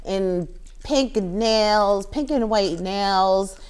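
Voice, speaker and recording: A woman's voice: medium pitch, extremely slow, a little mellow, smooth. A woman co-hosting a podcast, chatting casually and teasing her co-host playfully. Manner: teasing, playful, describes things at length. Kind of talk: casual chat.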